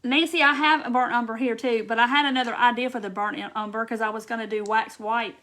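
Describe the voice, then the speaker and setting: A woman with a notably high voice hosts a live craft tutorial. She chats loosely as she works, stopping often to greet viewers by name and answer their comments. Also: steady tone, fast talker, fairly bright tone. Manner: chatty, greets viewers by name while reading comments and working.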